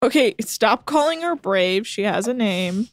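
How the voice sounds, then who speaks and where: A woman's voice: on the high side, lively intonation, no echo, clean studio sound. A woman co-hosting a podcast, recapping episodes in casual chat with a teasing, laughing manner. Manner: teasing, quick to laugh, chatty summarizing. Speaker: podcast co-host recapping a show.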